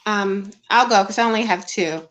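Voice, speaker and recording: A woman's voice: mid-range voice, normal speed, a bit bright. A woman co-hosting a casual film review chat, talking in chatty, enthusiastic bursts.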